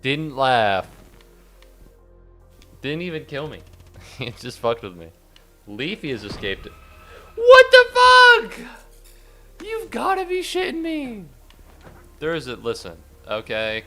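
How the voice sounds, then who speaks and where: A man's voice: medium pitch, big pitch swings, unhurried, a bit bright, soft background music. A young man streaming a game, rambling and sarcastic, swearing a lot and yelping suddenly at the game. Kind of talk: casual gameplay commentary.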